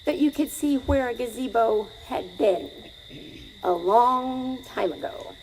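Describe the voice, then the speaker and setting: A woman's voice: on the high side, lively intonation, slow, darkish tone, slight background noise, poor audio. A middle-aged woman telling a story live to an audience, conversational and asking them questions.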